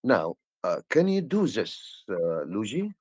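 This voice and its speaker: A male English teacher explaining a lesson slowly, with many hesitations and fillers. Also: lowish voice, wildly swooping pitch, darkish tone, slightly rough, no room sound. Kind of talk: classroom lesson.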